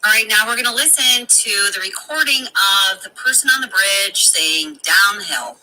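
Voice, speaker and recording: Woman commentator in a clip, very bright tone, lively pitch, guiding viewers. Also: normal speed, low-quality recording. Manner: guiding viewers through clips, inviting their opinion. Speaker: true crime commentator in a played video. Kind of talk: commentary on audio clips.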